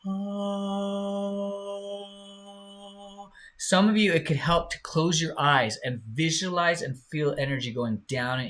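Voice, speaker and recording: A man's voice: a little high, pushed and bright. A man teaching a live online singing lesson, encouraging his students and showing them by singing. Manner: encouraging, slow and drawn-out, demonstrates by singing.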